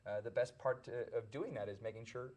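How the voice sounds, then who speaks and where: A man, an actor guest on a talk show, telling a story in a lively way with frequent stumbles and restarts. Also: lowish voice, a little fast, dull audio.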